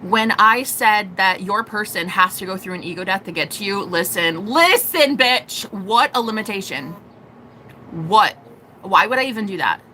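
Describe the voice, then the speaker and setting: A young woman giving a live tarot reading, animated and profane, acting out quoted voices. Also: medium pitch, moderate pace, slight background noise. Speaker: tarot reader.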